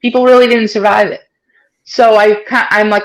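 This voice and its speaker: Over poor audio, a medium-pitched woman with fairly even intonation talks a little fast. She is in her forties and, interviewed as a stroke survivor, shares her own story conversationally, heavy on fillers and re-enacting others' dialogue.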